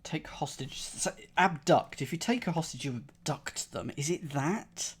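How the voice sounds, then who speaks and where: A man's voice: on the high side, a little slow, husky. A man solving a crossword live on stream, thinking aloud in a playful, muttering way. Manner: playful, muttering to himself while reasoning.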